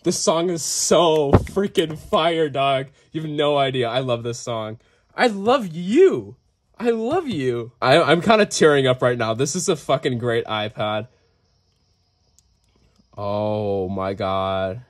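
A young man vlogging casually, excitable and swearing, breaking into off-key singing. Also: mid-range voice, unhurried. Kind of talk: casual reaction vlog.

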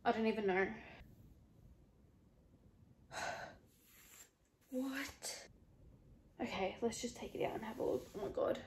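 A woman's voice: a little high, slow pace, long pauses, reverberant, slight background noise. A young woman, vlogging casually at home, nervous and swearing as she talks. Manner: anxious, exclaiming, swearing. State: sweating, nervous. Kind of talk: casual vlog talk. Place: at home, in a room.

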